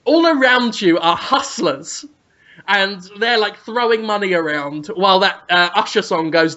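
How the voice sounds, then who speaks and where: A woman co-hosting a podcast, playfully spinning an absurd scenario and acting out sounds and shouts. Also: mid-range voice, normal speed. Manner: teasing, spins an absurd scenario, acts out sounds. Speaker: podcast co-host. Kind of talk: playful comic storytelling. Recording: slightly muffled podcast audio.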